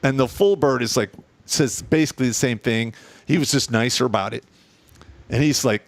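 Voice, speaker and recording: A middle-aged man, a guest in a casual chat, tells war stories from his army years in a profane, blunt, animated way. His voice is mid-range and his pace moderate. The recording is dry.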